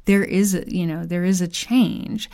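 A woman co-hosting a podcast in casual chat, thoughtful and a little hesitant, reaching for her words. She speaks slowly in a somewhat low voice. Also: fairly even intonation, mellow. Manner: thoughtful, hesitant, many fillers. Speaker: podcast co-host.

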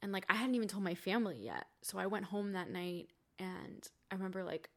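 A woman's voice: medium pitch, fairly quick, a bit bright. A young woman, a podcast guest, telling her story in a candid, casual way, swearing freely and saying "like" a lot. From Cuban family.

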